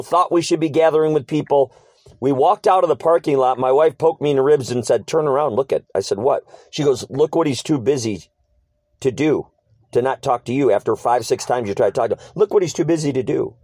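A man's voice: fairly high pitch, a little mellow, no room sound. Earnest middle-aged man, dry sound. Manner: earnest, quotes dialogue and repeats short phrases. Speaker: guest telling his faith testimony. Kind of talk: casual storytelling.

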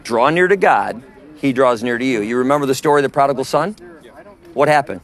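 A man preaching on the street outdoors, emphatic and forceful, quizzing his listeners with questions as he talks. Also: medium pitch, fairly quick.

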